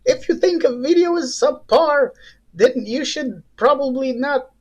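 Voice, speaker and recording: A man putting on a high falsetto to voice a preachy, moralizing conscience figure in a comic skit. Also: animated, unhurried, lo-fi sound. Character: preachy squeaky young conscience figure, male.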